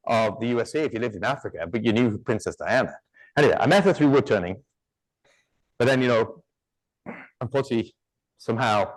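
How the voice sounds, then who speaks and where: Male demo instructor, rambling and jokey, average pitch. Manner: chatty, joking, rambling asides. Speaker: woodturning demonstrator. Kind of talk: live workshop demonstration.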